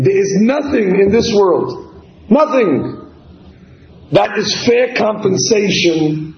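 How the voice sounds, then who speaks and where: A man's voice: sits high, a little hiss or hum. A man teaching a Torah class, telling a story and animatedly acting out its dialogue. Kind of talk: storytelling lecture. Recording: echoey, slightly dull recording.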